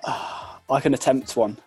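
A man's voice: mid-range voice, steady tone, takes it slowly, darkish tone, breathy edge, soft background music. A young man co-hosting a podcast in casual chat, speaking hesitantly. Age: young adult. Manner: hesitant, with filler-heavy restarts. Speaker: podcast co-host.

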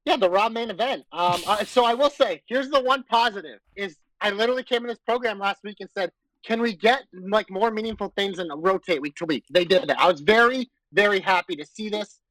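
High-voiced man ranting, dry sound. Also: fairly quick, fairly bright tone, no echo, rough recording. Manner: exasperated, profane ranting. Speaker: podcast co-host. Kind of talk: casual wrestling podcast chat.

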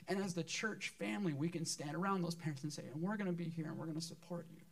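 A man's voice: a little high, fast talker, gravelly. A man preaching as a pastor to his church, earnest, often repeating words as he stresses a point. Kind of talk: sermon. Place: church sanctuary.

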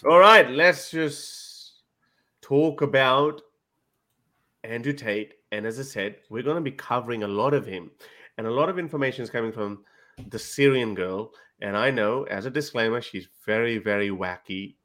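A man's voice: mid-range voice, moderate pace. A man co-hosting a casual podcast chat, teasing his friends and acting out quoted lines as he tells stories. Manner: animated storyteller, acts out quotes, teasing. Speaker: podcast co-host.

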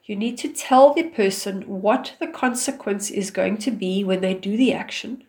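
Female advice speaker, mid-pitched, calm and firm, instructive delivery. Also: moderate pace. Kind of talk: direct advice talk.

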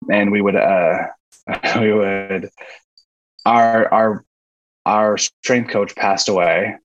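A young man who once played college football is a guest on a podcast, telling rambling stories full of fillers and laughter in a casual chat. His voice sits lowish with fairly even intonation, and he draws out his words. The audio sounds dull.

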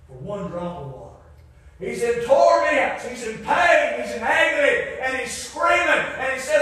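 A man preaching a fiery revival sermon, shouting at his peaks, then dropping low for emphasis, with folksy grammar. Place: church. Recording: very echoey church hall.

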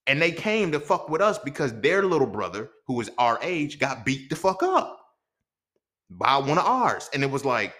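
A young adult man hosting a podcast, telling a story from his own life in a casual, profane, animated way with lots of slang. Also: mid-range voice, moderate pace. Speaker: podcast host.

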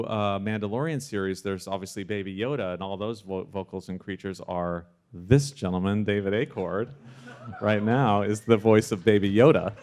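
A man, a sound designer, telling a lively story at a live evening panel, often restarting his sentences and laughing. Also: on the low side. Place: live evening event before an audience.

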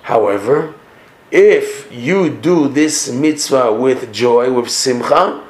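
Casting note: male Torah teacher, mid-pitched voice, emphatic and repetitive delivery, roomy echo. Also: animated, slow. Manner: earnest, emphatic, repeats and rephrases points. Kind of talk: Torah lesson.

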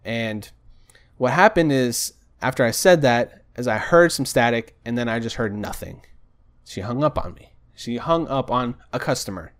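Man, young adult, casual vlog rant, exasperated, mid pitch. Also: expressive, normal speed. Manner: exasperated, retells calls with mimicked voices. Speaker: vlogger. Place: home desk.

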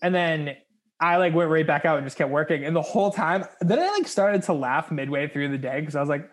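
A young man in his twenties tells a story on a podcast, laughing often and acting out the other people's voices. His voice sits a bit higher than most men's, and his talk is loose and full of fillers. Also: normal speed. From United States. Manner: animated, laughing, acts out quoted voices. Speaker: podcast co-host. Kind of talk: casual storytelling chat.

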